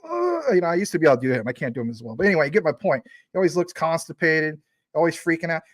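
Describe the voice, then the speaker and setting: A man in his forties hosting a laid-back livestream, rambling and chatty, with plenty of ums and thank-yous to his viewers. His voice sits a bit higher than most men's. The sound is close and dry, with no room echo. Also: racing. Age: 40s. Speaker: crypto livestream host. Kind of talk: casual livestream chat, reading viewer super chats.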